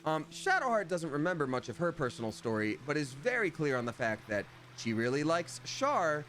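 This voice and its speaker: There's slight background noise as a high-leaning, fairly bright male voice delivers very animated gaming commentary at a normal pace. He's livestreaming a fantasy video game, chatting playfully with viewers and breaking into silly voices.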